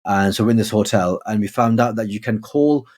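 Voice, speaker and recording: A man's voice: fairly low pitch, a little fast, a little mellow. A man, a podcast guest telling anecdotes in a rambling, casual way, full of restarts. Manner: chatty, rambling with frequent restarts.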